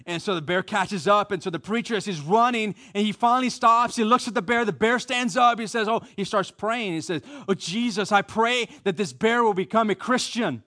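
An American man preaching a sermon, animated, repeating phrases for emphasis and leading call-and-response with the congregation. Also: sits high.

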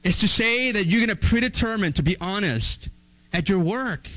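A male pastor preaching a sermon in an animated, conversational way with playful asides. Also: high-pitched, normal speed, low-quality recording.

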